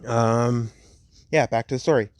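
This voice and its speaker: A young man at home casually narrating a fan story, rambling and laid-back, slowing down for the dramatic parts. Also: medium pitch, steady tone, a little mellow.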